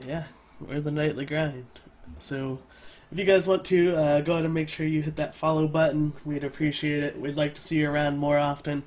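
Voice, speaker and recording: A man's voice: fairly high pitch, little pitch movement, brisk, darkish tone. Man wrapping up a podcast loosely. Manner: loose, hesitant, filler-heavy. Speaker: podcast co-host. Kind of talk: casual podcast sign-off.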